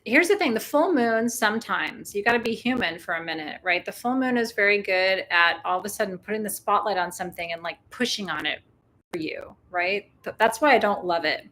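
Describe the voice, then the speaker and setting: A woman's voice: mid-range voice, expressive, fairly quick, pushed and bright. A woman hosting a full moon ritual, chatting casually and calling in guides with playful whoops. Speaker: spiritual ritual host. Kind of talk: casual livestream ritual talk.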